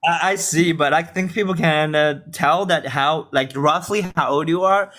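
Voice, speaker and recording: A man's voice: on the high side, moderate pace, a bit bright. Hesitant young Chinese man. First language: Mandarin. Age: late 20s. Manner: hesitant, many restarts and uhs, polite. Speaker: teacher and guest. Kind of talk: casual English practice chat.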